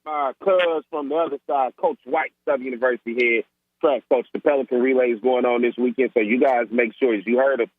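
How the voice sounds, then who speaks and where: A man's voice: mid-range voice, fairly even intonation, a little fast, dry recording. An upbeat male host of a sports talk show chats with his guest and laughs easily. His voice comes through a narrow, tinny, phone-like channel. The sound is dry. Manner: upbeat, laughs often, says man and Coach a lot.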